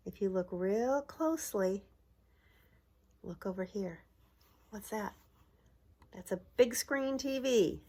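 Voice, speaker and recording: Woman, middle-aged, preschool story time read-aloud, questions for the kids, points at the pictures. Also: mid-range voice. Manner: asks young listeners questions and points at pictures; bright exaggerated voice for cheering lines. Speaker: preschool owner reading aloud.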